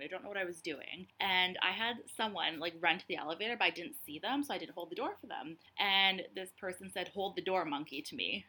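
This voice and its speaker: A woman's voice: lowish voice, poor audio. A young woman from Canada, a podcast guest, telling candid stories in casual chat. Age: young adult. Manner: candid storytelling, animated.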